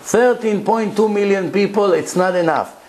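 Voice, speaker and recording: A man's voice: sits high, normal speed, a little mellow, low-quality recording. A man, a rabbi, giving a Torah lecture to a live audience, preaching emphatically and telling stories with rhetorical questions.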